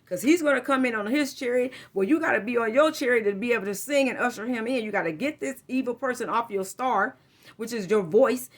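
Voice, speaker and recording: A woman giving a casual spiritual tarot reading, rambling and informal, often correcting herself mid-sentence. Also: fairly high pitch. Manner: rambling, informal, frequent self-corrections and slang. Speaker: tarot reader.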